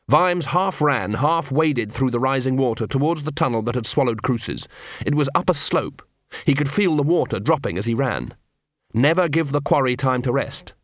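A man's voice: mid-range voice, normal speed, no room sound. Man narrating a story in a dry studio. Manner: steady storytelling with lightly voiced dialogue. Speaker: audiobook narrator. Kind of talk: scripted narration.

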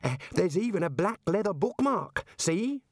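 A man's voice: high-pitched, very animated, normal speed, dry recording, studio quality, voice pushed up. A man voicing an eager, fussy young wizard scholar who explains things keenly, in an audiobook. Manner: keen, explanatory, nervy.

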